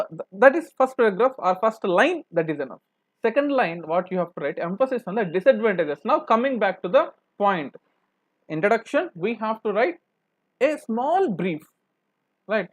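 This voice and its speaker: Indian English-accented male coaching lecturer, pitched high, dry sound; explains and repeats, tag questions throughout. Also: dry recording. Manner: explanatory, repeats points, frequent "right?" and "you know" tag questions. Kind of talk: live lecture discussing exam answers.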